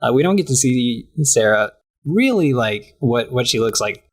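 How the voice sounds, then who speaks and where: Man, podcast co-host, easygoing recap chat, pops into silly high voices. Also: very animated, moderate pace. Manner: chatty, acts out lines in high voices, laughs often. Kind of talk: casual chat recapping a cartoon.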